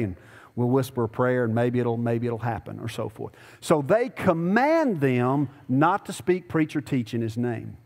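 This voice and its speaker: Pastor preaching in a reverberant church. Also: male voice, mid-range voice, a little mellow. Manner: conversational preaching, rising to emphatic pleading. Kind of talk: sermon. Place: church sanctuary.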